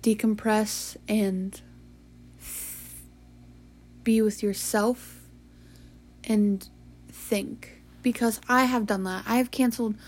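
Young woman podcast host, sleepy and soft-spoken, slow flat late-night confessional delivery. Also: medium pitch. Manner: soft, tired and halting, yawning and sighing, with whispered stretches.

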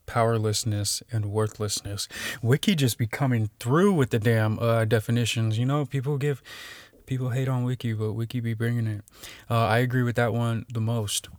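A man's voice: mid-range voice, no room sound, clean studio sound. A man talking casually on his own, reading out definitions with many fillers and restarts.

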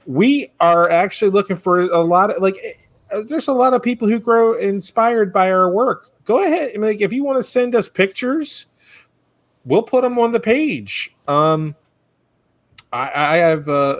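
A man with a slightly high voice co-hosts a podcast and speaks in a casual, easygoing way. He often answers with short agreeing words. The recording is dry and close. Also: animated, moderate pace, no echo. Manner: easygoing, frequent agreeing fillers. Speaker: podcast co-host and producer.

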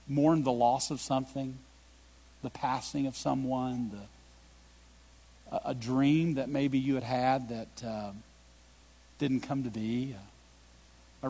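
A middle-aged pastor with a slightly rough voice preaches a sermon. He swings between loud, emphatic bursts and quiet, low, reflective lines.

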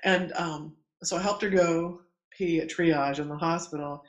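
Middle-aged male midwife, higher voice, chatty animated storyteller who acts out quotes, echoey room. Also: normal speed. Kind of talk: casual storytelling in conversation. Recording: roomy echo.

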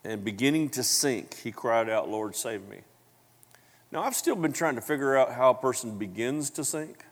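A man preaching a sermon, telling the story with animated acted-out voices and big jumps in pitch, coughing now and then. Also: moderate pace. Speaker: pastor. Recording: long hall reverb.

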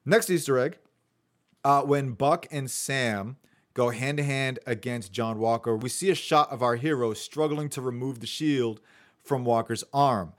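A man's voice: medium pitch, measured pace. A man hosting a casual podcast, running through his notes in a chatty way with fillers. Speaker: podcast host.

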